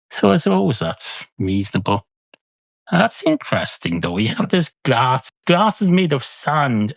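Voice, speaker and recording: A man's voice: mid-range voice, dry recording. A man hosting a comedy podcast alone, rambling through silly musings and correcting himself mid-thought. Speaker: podcast host. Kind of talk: comedic solo monologue.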